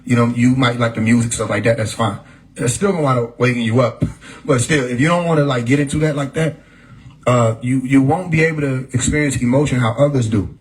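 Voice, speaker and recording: This rough recording, made on a phone mic, captures a male livestream host speaking a little fast in a mid-range voice. Easygoing and foul-mouthed, he often laughs while he talks.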